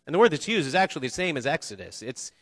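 A man's voice: a little high, very animated, rapid-fire, fairly bright tone, no echo. A man preaching a sermon in a church, earnest and conversational, with small restarts and light humor. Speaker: pastor. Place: church sanctuary.

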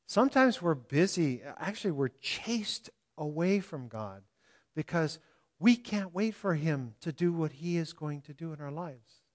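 An older man preaching a sermon in a conversational way, chuckling often and animated as he speaks. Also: a little high, a little slow. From California. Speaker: pastor.

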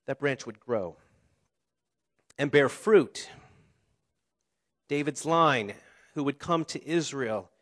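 A male pastor delivers a sermon, leaning on slow, emphatic repetitions and dropping to near-hushed endings. His voice sits at an ordinary middle pitch. It carries through a large church space with a long, lingering reverb. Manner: preaching with slow emphatic repetitions and dramatic drops in volume.

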